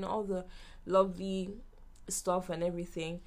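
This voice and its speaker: A young woman hosting a podcast, telling a story in a bubbly, animated way and acting out what people said. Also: lowish voice, moderate pace. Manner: bubbly, animated storytelling with laughs and acted-out quotes. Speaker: podcast host. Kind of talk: casual story time.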